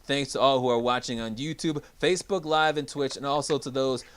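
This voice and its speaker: A man's voice: mid-range voice, fairly even intonation, fairly quick, a bit bright, smooth. A man co-hosting a sports talk podcast, with upbeat, hype announcer energy in casual chat. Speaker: podcast co-host.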